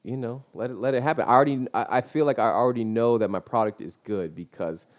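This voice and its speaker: A young man, a guest business owner, tells a long story in a casual chat, laid-back and packed with slang and fillers. His mid-range voice moves at a quick pace, and the audio is dull.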